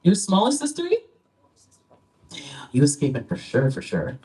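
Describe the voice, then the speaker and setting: A woman's voice: on the low side, huge pitch swings, normal speed, warm tone, far from the mic. A woman hosting a comedy club night, doing playful crowd work and laughing often as she teases the audience. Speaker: comedy show emcee.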